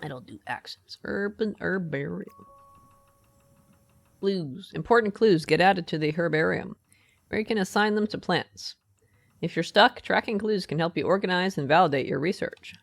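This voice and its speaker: Game streamer, gravelly voice with some fry, dry close sound, talks through puzzles and reads on-screen text. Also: medium pitch, moderate pace, dry recording. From United States. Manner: chatty, thinks aloud and reads game text aloud. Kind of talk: live gaming commentary.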